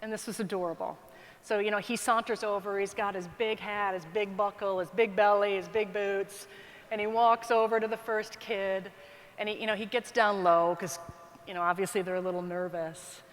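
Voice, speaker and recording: A woman giving a keynote speech, telling an anecdote with lively asides to the audience. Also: mid-range voice, moderate pace, big-room sound. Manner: animated anecdotal storytelling with asides. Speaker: keynote speaker. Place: large conference hall.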